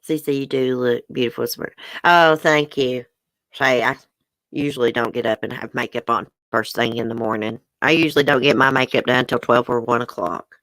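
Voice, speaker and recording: Middle-aged Southern woman, livestream host, low and chatty, dry close sound. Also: fairly even intonation, moderate pace, a bit bright, no room sound. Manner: chatty, laughs often, says y'all. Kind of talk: casual livestream chat with viewers. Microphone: webcam or phone close up.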